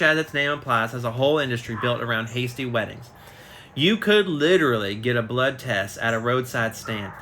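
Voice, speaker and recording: A man reads a book aloud over a phone live stream in a relaxed, unpolished way. His voice is very bright and sharp, with slips and restarts along the way. A faint hum of noise sits underneath. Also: fairly high pitch. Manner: reads aloud with frequent slips and self-corrections. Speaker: reader. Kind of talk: casual live reading of a biography.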